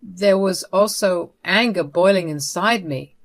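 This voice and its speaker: A woman narrating a first-person story in an even, steady reading voice. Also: on the low side, unhurried.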